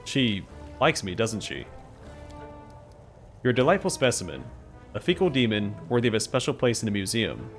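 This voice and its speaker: A man's voice: fairly low pitch, big pitch swings, moderate pace, long pauses, faint music behind. A man voicing an eager female scholar who admires a monster in a clinical tone. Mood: enthusiastic.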